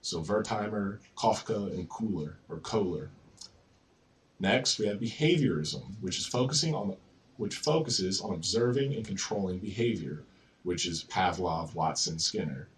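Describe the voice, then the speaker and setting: A young man teaching an intro psychology course from slides, relaxed and casual, with plenty of ums and you-knows. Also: fairly low pitch, moderate pace, far from the mic, a little hiss or hum. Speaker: psychology lecturer.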